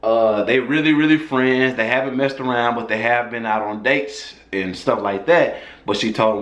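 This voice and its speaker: A man's voice: medium pitch, moderate pace, hardly any pauses, fairly bright tone, echoey room. A man casually telling a personal story in a loose, profane, conversational way.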